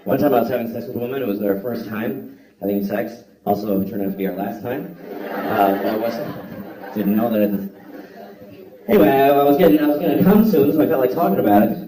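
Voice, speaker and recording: A man's voice: mid-range voice, fairly quick, warm tone. A middle-aged man telling wry, self-mocking stand-up stories to a live audience. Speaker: stand-up comedian. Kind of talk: stand-up comedy. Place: large hall or theater. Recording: roomy live hall from a distance with crowd laughter.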